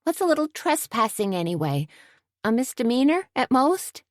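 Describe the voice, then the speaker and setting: A woman's voice: on the high side, dry recording, studio quality, pitched above the performer's own voice. A woman doing a brash wisecracking friend. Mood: joking. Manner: slangy, quick quips, loud excitement.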